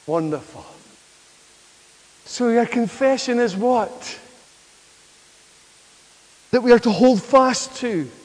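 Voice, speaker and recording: A man's voice: extremely high pitch, lively intonation, slow pace, long pauses. A man preaching a sermon in church, building to emphatic declarations and drawing answers from the congregation. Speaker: pastor. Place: church hall. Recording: reverberant church hall.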